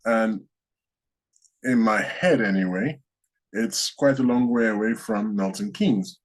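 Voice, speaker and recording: A man from the UK co-hosting a casual podcast, rambling in asides with dry, dark jokes. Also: on the low side, lively intonation, slow, poor audio. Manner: dry, rambling, darkly joking. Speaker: co-host.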